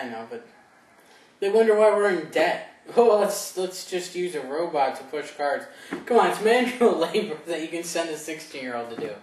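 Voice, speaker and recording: A young man co-hosting a casual chat, joking, swearing and laughing often. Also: fairly high pitch. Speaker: co-host. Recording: echoey room, distant mic, faint noise.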